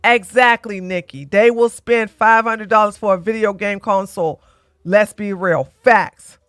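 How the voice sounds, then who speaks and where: A woman's voice: mid-range voice, steady tone, measured pace, a bit bright, no echo, soft background music. Woman host in her 40s, blunt and joking, mid-range voice, close dry mic. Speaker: livestream host. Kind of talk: casual commentary and storytelling.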